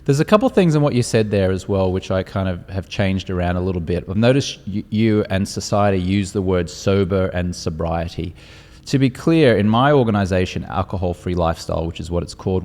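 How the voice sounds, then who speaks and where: An Australian man telling his story as a guest in an interview, animated and acting out quotes. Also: low-pitched, a little fast, in a large hall. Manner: animated, acts out quotes with voices.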